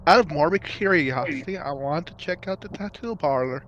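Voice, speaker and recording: A man playing a tabletop game, musing and hesitant with many pauses. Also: a little high, animated, fairly bright tone, lo-fi sound, slight background noise. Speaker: player. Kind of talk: casual tabletop play.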